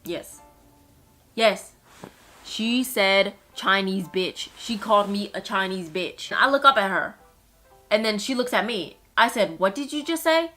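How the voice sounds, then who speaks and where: A young woman from Minnesota, blunt and frank, telling stories from behind the nail desk with plenty of swearing. Her voice is bright and forward. Faint music plays under her talk. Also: medium pitch, slow. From United States (Minnesota). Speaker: nail technician and vlogger. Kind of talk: casual story time.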